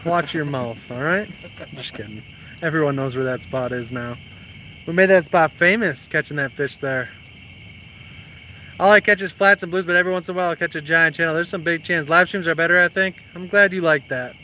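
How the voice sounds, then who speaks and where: A young fishing show host streams live from a creek bank at night, chatting casually, teasing his partner and voicing viewer comments. His voice is a little high, brisk, pushed and bright, with a slight hiss or hum in the audio.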